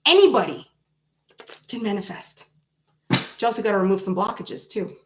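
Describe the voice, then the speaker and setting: A woman in her forties hosting a casual tarot livestream, chatting with viewers in an animated, blunt way, swearing freely and laughing often. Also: medium pitch, normal speed, a little hiss or hum, poor audio. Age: 40s. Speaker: tarot reader host.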